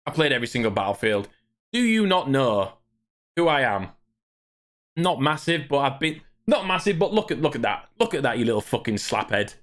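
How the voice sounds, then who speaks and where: Swearing and irritated, a man rants about gaming to his stream chat. His medium-pitched, slightly bright voice swings widely in pitch and runs a little fast.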